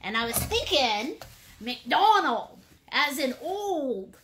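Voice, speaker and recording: A woman's voice: high voice, very animated, takes it slowly, fairly bright tone, slight background noise. A woman leading a live painting class, bubbly and playful, greeting viewers with pet names. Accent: Maine. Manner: bubbly, playful, chatty with endearments. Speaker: painting instructor.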